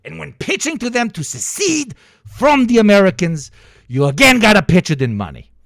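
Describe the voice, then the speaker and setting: A man delivers a fired-up, foul-mouthed political rant on his stream, his voice sitting high with a gravelly edge. He gets sweaty and flushed from the effort. His pitch leaps around wildly as he talks. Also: big pitch swings, moderate pace, no echo, clean studio sound. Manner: profane, heated, shouts at times. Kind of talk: ranting political commentary.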